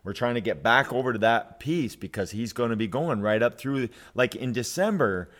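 A man in his fifties telling a hunting story in a casual chat, animated and full of restarts and "right?". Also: medium pitch, moderate pace. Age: 50s.

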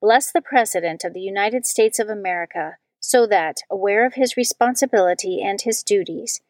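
A woman giving a measured, solemn reading of scripture and prayers. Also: medium pitch, darkish tone, no echo. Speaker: scripture reader.

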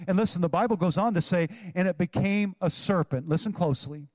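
A middle-aged male pastor preaching to his congregation in a church, lively and exhorting with touches of humor. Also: high voice, a little fast, hardly any pauses, no room sound. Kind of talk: sermon.

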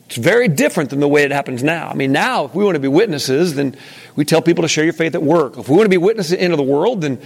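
Man teaching a group Bible study, high gravelly voice, casual and full of questions. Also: animated, quick pace. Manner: conversational, asks the room questions. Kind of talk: interactive Bible lesson.

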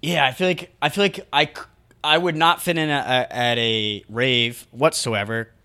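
A man's voice: medium pitch, steady tone, normal speed, bright, forceful tone. A young man co-hosting a casual podcast, rambling through his points with frequent restarts and laughs. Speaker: podcast co-host. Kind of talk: casual chat. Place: small hot home studio.

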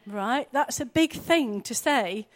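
A woman's voice: a little high, expressive, slow pace. A woman, preaching a sermon in an earnest, conversational way, often asking her listeners questions.

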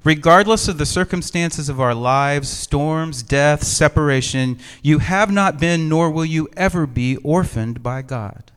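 A middle-aged man, a pastor, preaching a sermon in an empty church sanctuary, with measured, reflective storytelling and gentle humor. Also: fairly high pitch, smooth.

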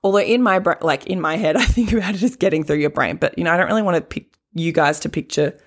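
Woman, coach, casual podcast talk; lowish, laughs a lot, chatty filler-heavy delivery. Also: quick pace.

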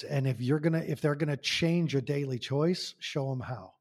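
Emphatic man with husky voice. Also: on the high side, normal speed, in a large hall. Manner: passionate, emphatic, rhetorical questions. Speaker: podcast guest. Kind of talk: conversational podcast talk.

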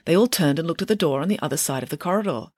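A woman author reading her own children's book aloud in an expressive storyteller manner. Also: low voice, racing, no room sound, studio quality. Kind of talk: audiobook narration.

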